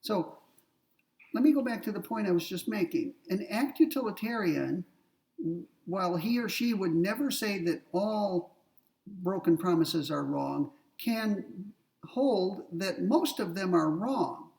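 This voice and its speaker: A man's voice: sits high, lively intonation, measured pace, creaky, darkish tone, far from the mic, rough recording. A man giving a recorded philosophy lecture, explaining points methodically, repeating key ideas and asking rhetorical questions.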